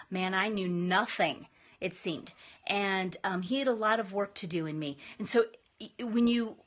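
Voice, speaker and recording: Upbeat chatty mom vlogger, bright voice. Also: female voice, mid-range voice. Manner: chatty, upbeat, faith-based encouragement. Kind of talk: casual motivational chat to camera.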